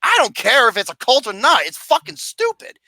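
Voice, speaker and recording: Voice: high voice, very animated, a little fast, gravelly, pushed and bright, no echo. A film reviewer ranting profanely and acting out scenes with mock wails and singing.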